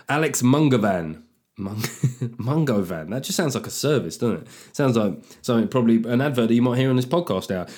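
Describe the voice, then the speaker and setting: A man's voice: medium pitch, a little fast, a little mellow. A man hosting a comedy podcast, delivering a sardonic, sweary comic monologue.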